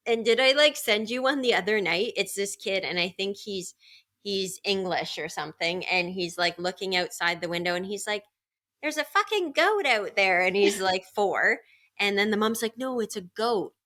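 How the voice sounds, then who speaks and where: A woman's voice: mid-range voice, moderate pace, a bit bright. A woman co-hosting a podcast in casual chat, a parent in her thirties who tells funny stories and acts out the quotes. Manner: laughing storyteller, voices quotes. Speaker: podcast co-host.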